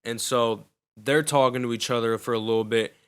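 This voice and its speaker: A man's voice: medium pitch, fairly even intonation, normal speed, a bit bright, clear, resonant tone. A young man casually telling a personal story in loose, profane, slangy talk.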